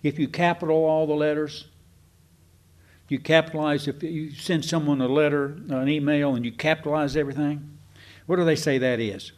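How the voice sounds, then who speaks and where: A man giving a folksy, digressive Bible teaching to a congregation, slowing down to stress key words. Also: fairly high pitch, fairly even intonation. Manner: folksy and digressive, slows down for emphasis. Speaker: preacher.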